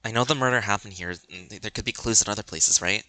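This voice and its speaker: A man voicing a plain, earnest young game protagonist in a quick, matter-of-fact way, fan voice acting over a game. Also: on the low side, sharp tone, no echo, poor audio.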